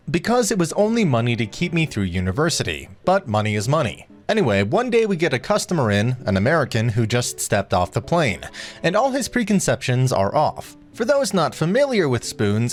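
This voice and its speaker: A man reading a first-person story as scripted narration. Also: medium pitch. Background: faint music.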